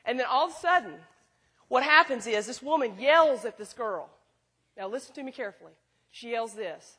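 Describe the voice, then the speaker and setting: A middle-aged woman giving an animated, folksy sermon, telling stories to a school audience. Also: a little high, moderate pace, slightly rough. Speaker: speaker at a school chapel. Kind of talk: sermon with storytelling.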